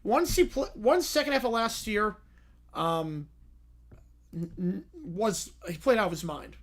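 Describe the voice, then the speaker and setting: Lively young man chatting on stream. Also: high voice. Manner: chatty, quick reactions, frequent restarts and "yeah"s. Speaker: livestream host reading chat. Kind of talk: casual livestream chat answering viewer questions.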